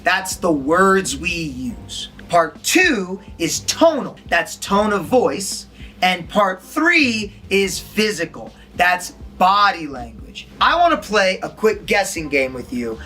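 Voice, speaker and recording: A man with a high-pitched, sharp voice teaches as an acting instructor, quizzing his audience and acting out different tones of voice. It's a recorded lesson delivered to listeners.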